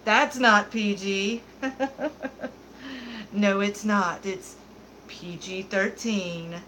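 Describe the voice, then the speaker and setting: A young adult woman hosting a beauty livestream, her voice bright and a little sharp. She talks in an unhurried, drawn-out way. She stays giggly and candid while she chats with her viewers. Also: medium pitch, fairly even intonation, a little hiss or hum, rough recording. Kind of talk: casual livestream chat, reading viewer comments.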